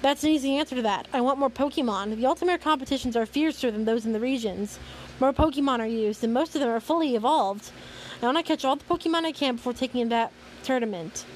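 A woman's voice: high voice, fast, darkish tone, a little hiss or hum, close to an everyday voice, low-quality recording. A woman reading an earnest young man. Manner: read aloud plainly, with stumbles. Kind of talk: reading fan fiction aloud.

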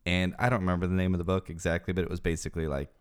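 Low-voiced guy chatting on a podcast, animated, does squeaky voices when quoting friends. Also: very fast, clear, resonant tone. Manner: animated storyteller, jumps into high voices when quoting people. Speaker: podcast co-host. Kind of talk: casual chat.

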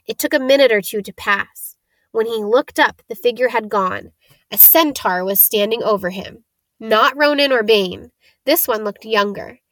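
Woman reading a storybook aloud, steady and expressive, kinda high voice, dry close mic. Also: dry recording, low-quality recording. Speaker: audiobook narrator. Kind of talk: storybook narration.

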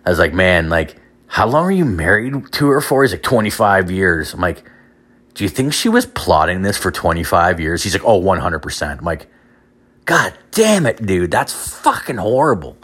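A man's voice: low voice, animated, moderate pace, fairly bright tone. A young man telling a crude, profanity-heavy story as a podcast host, laughing at his own jokes.

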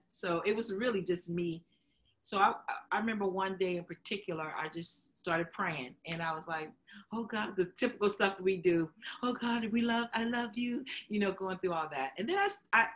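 A woman's voice: on the low side, sharp tone. A woman co-host telling a personal story in candid conversation, laughing often, acting out quotes and getting choked up as she talks. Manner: emotional, chokes up while telling it. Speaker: show host sharing her story.

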